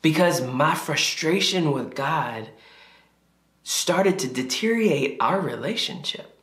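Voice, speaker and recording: A man preaching a sermon as a pastor, earnest and confessional, climbing higher when he acts out his own prayers. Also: expressive, takes it slowly, a bit bright. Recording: echoey room.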